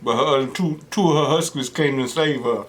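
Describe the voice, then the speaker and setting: A man's voice: medium pitch, a little fast, a little hiss or hum. A young man chatting casually on his eating show, telling stories and mimicking the people he quotes. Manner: animated storytelling, mimics voices of people he quotes. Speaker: mukbang host. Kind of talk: casual chat while eating.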